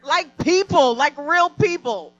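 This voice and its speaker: Woman doing a little girl, whiny, insistent, high-pitched, begging her mom. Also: expressive, slow pace, no room sound, dull audio. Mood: pleading.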